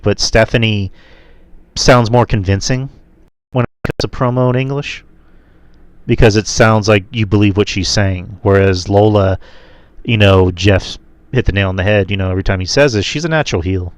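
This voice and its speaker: Low-voiced man rambling about wrestling. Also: normal speed, no room sound. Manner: rambling, many fillers and restarts. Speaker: podcast host. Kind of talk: casual wrestling review chat.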